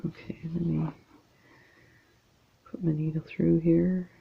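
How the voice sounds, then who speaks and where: This Canadian beading channel host talks slowly and casually as she beads, drifting between thoughts with plenty of ums. Her deep voice has a gravelly, fried edge and a level tone, and the recording comes across as slightly dull and lo-fi.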